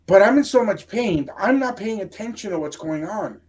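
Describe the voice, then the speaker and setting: A man's voice: sits high, moderate pace. Middle-aged man, podcast co-host, easygoing storyteller, mixes in a little Spanish. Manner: relaxed storyteller, slips into Spanish phrases. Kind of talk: casual storytelling chat.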